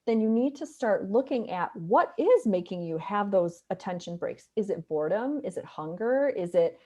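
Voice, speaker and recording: A middle-aged woman with a Wisconsin accent, a physician and author, chats upbeat as a guest in a casual interview over a remote call. Her voice is medium-pitched and nasal yet a little mellow, animated, at normal speed.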